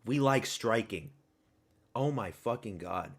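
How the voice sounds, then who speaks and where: A man reacting live to a fight at a watch party, excitable and profane, erupting into shouts. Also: medium pitch, slow pace.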